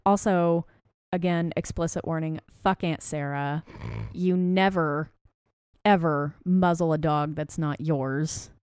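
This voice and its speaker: Smooth-voiced chatty woman, low-pitched. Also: steady tone, slow, darkish tone, no room sound, clean studio sound. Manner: chatty, gushing, emphatic. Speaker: podcast co-host. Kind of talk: casual chat about a film.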